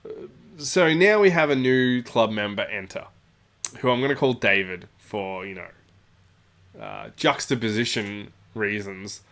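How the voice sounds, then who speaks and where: A man's voice: lowish voice, big pitch swings, a little slow, a bit bright. A man telling a casual anecdote about his gaming club, rambling with many fillers and asides. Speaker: storyteller, tabletop channel host.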